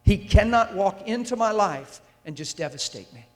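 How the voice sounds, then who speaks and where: Male preacher, high-ish voice, fiery and emphatic, long hall reverb on the mic. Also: lively intonation, moderate pace. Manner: intense and emphatic, with rhetorical questions to the audience. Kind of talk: sermon. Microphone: handheld or stand mic.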